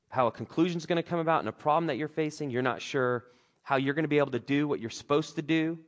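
A man preaching a sermon, acting out scripture characters with big swings in his voice. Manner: animated, acts out characters' lines with big pitch swings. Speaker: pastor.

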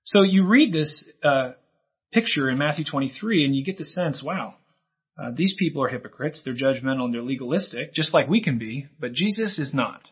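A man's voice: medium pitch, lively intonation, a little fast, slightly rough, lo-fi sound. A man preaching a sermon as pastor, earnest and emphatic, often pushing his voice up for emphasis.

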